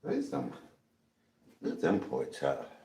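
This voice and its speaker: A man's voice: rumbling low, wildly swooping pitch, slow pace, dark tone, roomy sound. A man cooking in his home kitchen for a casual vlog, chatting and calling out to his viewers as he seasons his food. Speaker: cooking vlogger.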